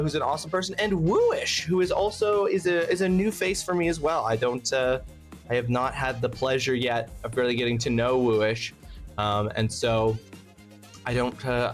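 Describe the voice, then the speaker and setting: A man hosting a casual charity stream, rambling and thanking his chat by name, snacking between words. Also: fairly high pitch. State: eating while talking.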